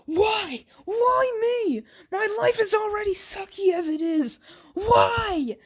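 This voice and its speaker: A frightened teenage boy held captive, pleading and shrieking high in pain, as a woman puts him on. The delivery is slow and unpolished, an amateur fan story read aloud. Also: darkish tone. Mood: anguished.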